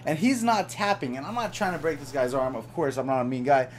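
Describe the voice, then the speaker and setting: A young man telling a casual storytime monologue as a vlogger, animated and slangy, calling listeners bro. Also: mid-range voice, a little fast, slight background noise.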